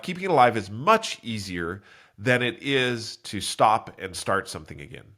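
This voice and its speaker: A man hosting a solo podcast, talking earnestly and in a rambling way while congested from a cold, correcting himself and acting out quoted voices. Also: bright, forceful tone. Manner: acts out quoted voices with big pitch jumps. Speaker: podcast host. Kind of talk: solo motivational talk.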